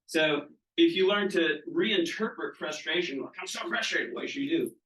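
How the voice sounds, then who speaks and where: A man's voice: fairly high pitch, moderate pace, a bit bright, far from the mic. A middle-aged man leading a wellness training session to an audience, chatty and casual, often asking whether his listeners follow. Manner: casual, frequent checking questions. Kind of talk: live seminar talk. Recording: echoey room, voice from off mic.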